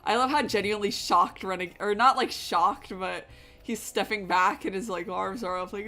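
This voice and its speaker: A woman's voice: medium pitch, moderate pace, pushed and bright, faint music behind. A woman streamer reading a mystery game aloud, with giggly, chatty asides. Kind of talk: let's-play reading and commentary.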